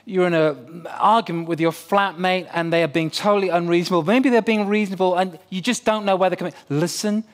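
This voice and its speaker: Earnest man preaching a sermon. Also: high voice. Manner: earnest and conversational, with playful asides. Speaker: pastor.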